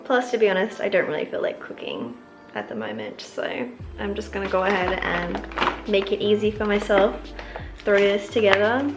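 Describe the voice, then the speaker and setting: A woman's voice: mid-range voice, creaky. An Australian woman around thirty chatting casually to camera at home in her vlog, full of "like" fillers. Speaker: lifestyle vlogger.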